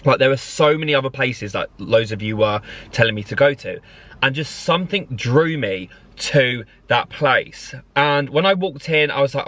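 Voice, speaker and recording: A man's voice: mid-range voice, measured pace, no echo. A man, talking casually and rambling with lots of laughs in a vlog from his car. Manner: animated, rambling, laughs often. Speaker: vlogger.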